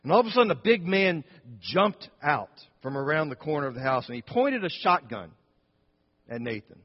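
A man's voice: a little high, big pitch swings, normal speed, husky. A man preaching a sermon and telling a story in a conversational way, with asides and restarts. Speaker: pastor. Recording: dull sound with long church reverb.

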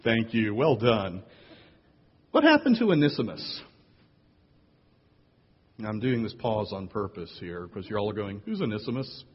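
Playful pastor in an echoey hall. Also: male voice, normal speed, few pauses, breathy edge, highs cut off. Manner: playful, animated storyteller with big jumps in pitch. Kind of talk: sermon. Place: church sanctuary.

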